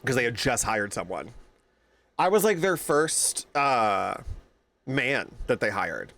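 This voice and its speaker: A young man streaming, chatting casually with his viewers, telling animated stories and greeting them by name. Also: medium pitch, slow, no echo.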